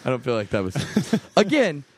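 A man's voice: medium pitch, huge pitch swings, normal speed, slightly rough, dry recording. A man co-hosting a podcast in casual chat, joking and laughing often. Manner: joking, laughs often, does silly put-on accents. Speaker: podcast co-host.

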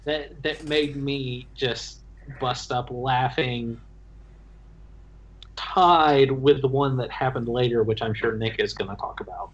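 A man, the dungeon master, chatting about his tabletop game session in a halting, restarting way. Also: mid-range voice, a little hiss or hum. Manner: halting, stumbling restarts, laughs while telling. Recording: dull lo-fi sound.

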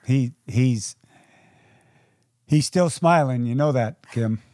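A man's voice: medium pitch, slow pace, darkish tone, no echo, studio quality. A man hosting a podcast interview, encouraging his guest with affirmations and repeating his own phrases. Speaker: podcast host. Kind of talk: supportive interview chat.

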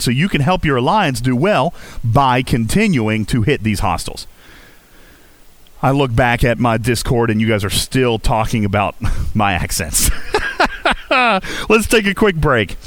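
A man's voice: mid-range voice, measured pace, no room sound. A man hosting a gaming podcast, talking casually and coaching listeners, often checking in with "okay?". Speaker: podcast host.

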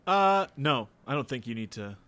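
A man casually commenting on a wrestling show with a friend, relaxed, with dry jokes and trailing asides. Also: medium pitch, moderate pace. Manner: relaxed, laid-back, mumbles and restarts, dry jokes.

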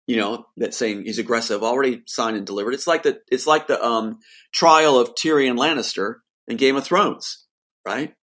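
A man's voice: medium pitch, pushed and bright. Insistent man telling his story. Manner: insistent, rising to pleading outbursts. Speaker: guest. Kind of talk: emotional personal account.

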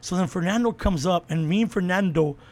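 A man's voice: sits high, a little fast. A male stand-up comedian who hosts shows, in a brash casual chat, swearing freely and telling stories over the others. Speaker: stand-up comedian and show host.

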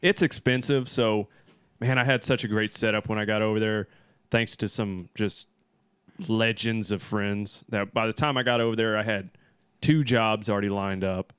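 A young man telling stories in relaxed casual chat, full of fillers. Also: lowish voice, normal speed, smooth, no room sound.

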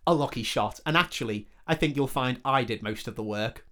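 A man's voice: medium pitch, fairly quick, fairly bright tone, natural voice. A man voicing a sarcastic male talking sword with dry, mocking remarks.

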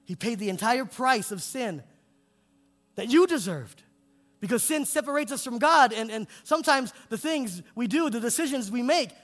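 A male pastor preaching in a church, his delivery swinging between soaring emphatic peaks and hushed low lines. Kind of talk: sermon with altar call. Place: church sanctuary. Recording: long hall reverb with faint music.

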